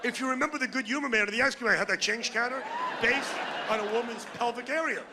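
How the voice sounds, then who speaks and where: A man's voice: extremely high pitch, fast, background noise. A middle-aged man doing a crude, ranting stand-up comedy set on a club stage. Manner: brash, crude, ranting punchlines.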